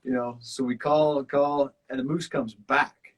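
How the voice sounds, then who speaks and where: Husky Southern man, rambling chat. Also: mid-range voice, unhurried, poor audio. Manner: relaxed, rambling, many fillers. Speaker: former survival show contestant. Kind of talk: casual chat.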